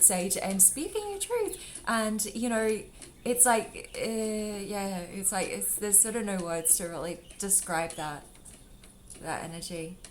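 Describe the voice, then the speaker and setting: A woman's voice: mid-range voice, a little hiss or hum. A woman doing a casual tarot reading for viewers, rambling and affectionate, calling them sweetheart and darling. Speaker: tarot reader. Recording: faint drum music underneath. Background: faint drum music.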